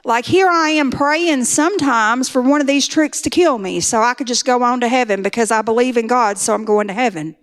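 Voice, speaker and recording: In a fairly high voice that runs a little fast with few pauses, a middle-aged woman delivers a personal recovery testimony. She speaks earnestly, building until she is pleading intensely.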